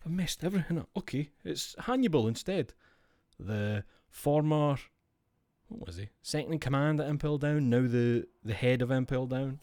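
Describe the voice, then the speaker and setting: A man's voice: medium pitch, normal speed, darkish tone, no echo, clean studio sound. A man with a Scottish accent, a streamer chatting casually and musing aloud to himself while opening card packs, swearing freely.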